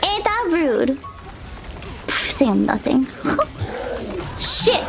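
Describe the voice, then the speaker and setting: A young woman streams a game with a very high, unhurried voice that swoops all over. She shrieks, swears and laughs her way through tense moments, with soft game music behind her. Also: creaky. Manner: excitable, shrieking and laughing under pressure; swears and pleads rapidly. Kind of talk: live gaming stream commentary.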